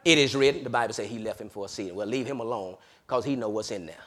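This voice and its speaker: A man preaching a sermon, swinging between loud hollering and low murmurs and laughing often. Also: fast.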